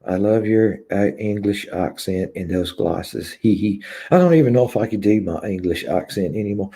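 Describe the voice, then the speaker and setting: Guy on his live stream reading comments, low gravelly voice, halting and candid. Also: dark tone. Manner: hesitant, many pauses and filler words; candid and confessional. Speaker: YouTube channel host.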